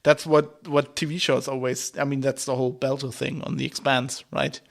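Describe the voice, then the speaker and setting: A man's voice: medium pitch, flat delivery, moderate pace, gravelly. A man from Germany speaking English, chatting casually as a podcast host and laughing easily. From rural Germany.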